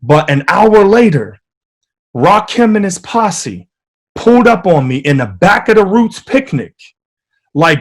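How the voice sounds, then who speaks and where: A man with a slightly high voice tells stories as a guest in a casual podcast interview. His delivery is animated and vivid. He comes from the United States. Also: measured pace.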